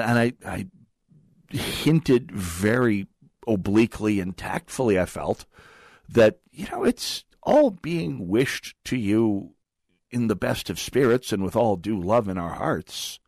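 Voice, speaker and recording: A male talk radio host holds forth in a sardonic, rambling monologue full of wry asides. His pitch swings widely as he speaks. The studio sound is dry and close. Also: vocal fry, no room sound. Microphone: studio microphone.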